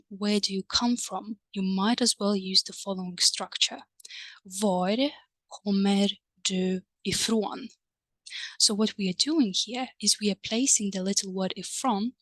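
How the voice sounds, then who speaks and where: A woman of middle pitch explains a lesson at an unhurried, patient pace, often pausing to check in with her listener through gentle prompts and hums of agreement. Her voice sits close and dry, with almost no room sound around it. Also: dry recording. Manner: drawn-out fillers and soft hums of agreement. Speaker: language teacher. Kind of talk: recorded online language lesson.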